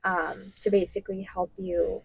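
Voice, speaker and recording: A woman's voice: medium pitch, little pitch movement, moderate pace, vocal fry, darkish tone, slight background noise, low-quality recording. A woman co-hosting a podcast in casual chat, earnest and explaining at length. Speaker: podcast co-host.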